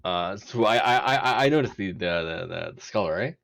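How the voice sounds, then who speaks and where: A man playing a tabletop game, talking casually in a halting, stammering way. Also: low-pitched, animated, creaky, fairly bright tone. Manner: halting, stammering, many restarts. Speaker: player.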